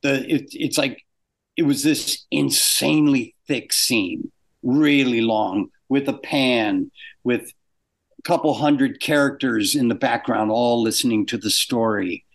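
An older man telling anecdotes in a casual interview, acting out quoted exchanges with animated shifts in pitch. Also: unhurried, gravelly. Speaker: guest animator.

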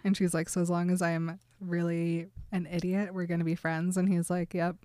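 This podcast co-host recaps a book in casual chat, acting out scenes in quoted dialogue and laughing often. Her voice is lowish and a little mellow, with a level tone and normal speed, recorded clean in a studio with no echo.

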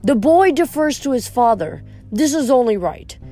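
Woman reading as a calm distant sea god. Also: high-pitched. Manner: calm, measured.

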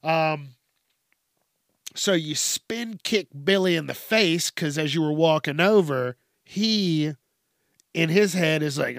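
A man's voice: a little high, expressive, slow, fairly bright tone, no room sound, studio quality. A man hosting a solo podcast, rambling casually with a lot of swearing and laughing at his own tangents. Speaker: podcast host.

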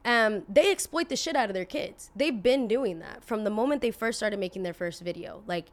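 A woman in her twenties hosting a podcast speaks at normal speed in a medium-pitched voice with lively intonation. Her casual opinion monologue is blunt and indignant, stuffed with "like" and the odd swear word.

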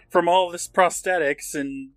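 A man's voice: sits high, steady tone, slow, fairly bright tone, dry recording. A man co-hosting a podcast, tossing in irreverent, laughing comments during a casual chat. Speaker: podcast co-host.

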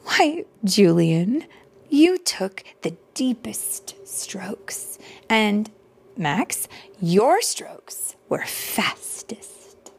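A woman reading as a tender, soft-spoken storybook mother. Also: mid-range voice, big pitch swings, drawn-out words, vocal fry, husky, full character voice. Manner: soft, tender, partly whispered. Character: gentle loving mother of two boys.

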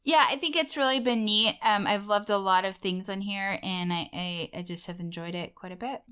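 A woman's voice: mid-range voice, normal speed, sharp tone, smooth. A woman in her thirties co-hosting a podcast in casual, playful, teasing chat. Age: 30s. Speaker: podcast co-host.

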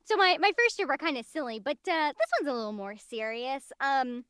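A woman's voice: sits high, big pitch swings, a little fast, fairly bright tone, dry recording, studio quality. A woman talking as a podcast guest, rambling casually and laughing easily. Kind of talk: casual chat.

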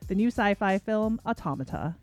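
A woman's voice: mid-range voice, lively intonation, moderate pace, a little mellow, soft background music. A woman co-hosting a film podcast, chatting casually and walking through a story with fillers. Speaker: podcast co-host. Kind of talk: casual film review chat. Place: New York City studio.

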